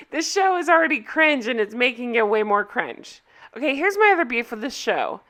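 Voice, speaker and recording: Woman vlogger, TV reviews, casual to-camera chat; bright and crisp, expressive, laughs easily. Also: on the high side, normal speed. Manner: chatty and expressive, laughs often.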